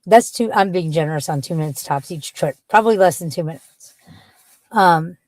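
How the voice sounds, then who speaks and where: A woman's voice: on the low side, moderate pace, darkish tone, no room sound. Blunt, foul-mouthed woman rambling in her car. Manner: blunt, rambling, swears freely. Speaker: vlogger. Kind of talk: casual chat. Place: inside her parked car.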